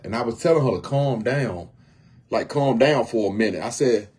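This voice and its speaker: A man's voice: mid-range voice, normal speed, darkish tone, breathy edge. A man talking casually on a livestream from home, earnest and often repeating himself as he speaks about helping people in need. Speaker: homeless outreach volunteer.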